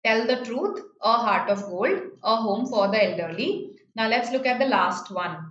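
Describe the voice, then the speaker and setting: A woman with an Indian English accent, her voice fairly high, explains grammar patiently, repeating key phrases and checking in with "right?". The sound is slightly muffled and roomy, with a faint hiss behind her. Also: expressive, moderate pace, fairly bright tone. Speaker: teacher. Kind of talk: online grammar lesson.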